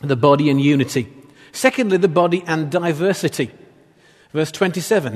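A man's voice: a little high, a little fast. A man preaching a sermon in a conversational, playful way, with asides and jokes to the congregation. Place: church hall. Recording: long reverb of a church hall.

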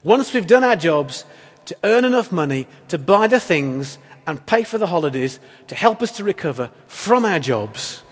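A man's voice: sits high, slightly rough. A man preaching a sermon as pastor, earnest and emphatic, with rhetorical questions. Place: church hall. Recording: long hall reverb.

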